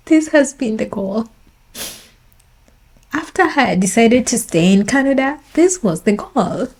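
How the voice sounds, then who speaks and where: A young woman vlogger crying and laughing through tears as she speaks to her viewers, halting and broken up. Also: a little high, a little mellow. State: tearful, crying through words. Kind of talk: emotional vlog monologue to viewers.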